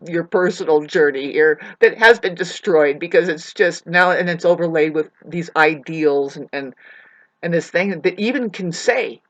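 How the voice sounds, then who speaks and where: A woman's voice: on the low side, normal speed, dull audio. A woman ranting to her viewers in a loose, profane monologue. She rambles, restarts her sentences and calls her listeners "babe". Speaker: vlogger. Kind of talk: rambling spoken rant to camera.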